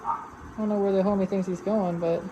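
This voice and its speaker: A woman's voice: mid-range voice, level tone, moderate pace, dark tone, highs cut off. A woman giving casual unboxing commentary at home, chatty and slangy, talking to a robot vacuum as if it were a person. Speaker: product reviewer. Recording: noisy home recording.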